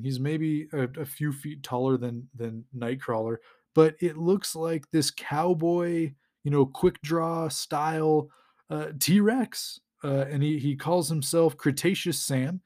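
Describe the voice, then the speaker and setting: A man's voice: a little high, darkish tone. A man hosting a podcast, casually recapping a comic in a rambling way with lots of fillers and chuckles. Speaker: podcast host.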